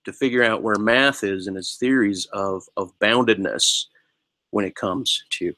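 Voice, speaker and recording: A man's voice: on the low side, pushed and bright, no room sound. Rambling, musing man in a dry room. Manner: halting and musing, many restarts; ends phrases with a questioning "right?". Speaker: solo vlogger. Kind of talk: rambling philosophical monologue.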